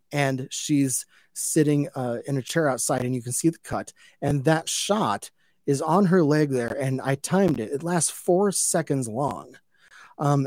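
A man's voice: mid-range voice, dry recording. Rambling man recapping a show, dry mic. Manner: rambling with many fillers and restarts; gets loud and animated when amused. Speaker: anime review podcast host. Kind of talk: casual recap and commentary.

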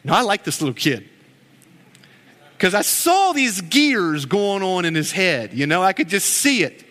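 In a church with long, echoing reverb, a middle-aged pastor preaches a sermon in a high, very animated, fairly bright voice at a measured pace. He's earnest and emotional, weaving stories between prayers.

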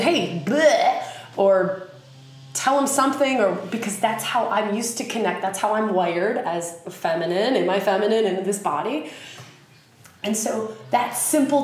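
A woman with a Southern US accent hosting a podcast, teaching in a casual, animated way with many fillers. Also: medium pitch, unhurried. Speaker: podcast host. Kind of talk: casual spoken teaching monologue. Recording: very echoey room with faint ambience.

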